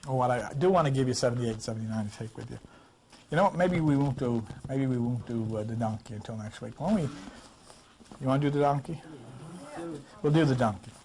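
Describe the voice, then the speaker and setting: A man's voice: medium pitch, a little fast, long pauses, background noise. A man teaching an informal Bible study class, emphatic and full of rhetorical questions, coughing now and then.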